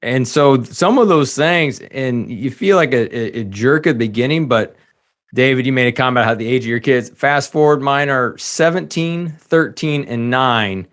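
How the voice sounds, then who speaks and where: A man in his forties hosting a podcast, speaking in a measured, reflective way. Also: mid-range voice, lively intonation. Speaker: podcast host. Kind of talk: casual podcast conversation.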